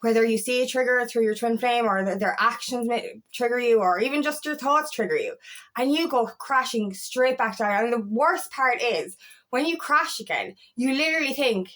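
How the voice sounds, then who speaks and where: A woman's voice: fairly high pitch, normal speed, a bit bright. A woman coach talking candidly and emphatically, swearing and restarting her sentences in a casual monologue. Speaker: feminine empowerment coach.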